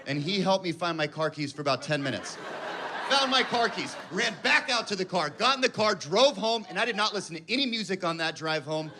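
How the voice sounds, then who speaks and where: A man's voice: high-pitched, animated, fairly quick, noisy background. A man in his thirties telling a rambling, self-mocking story as a stand-up comedian on a club stage. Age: 30s.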